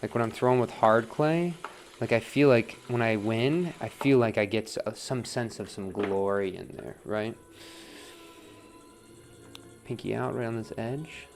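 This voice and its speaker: Man, relaxed pottery livestream host, mid-pitched voice, conversational, counts aloud. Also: moderate pace, soft background music. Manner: casual, chatty, asks "right?" often, counts pulls aloud. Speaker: potter demonstrating wheel throwing. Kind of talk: live-streamed pottery demo. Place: pottery studio at the wheel.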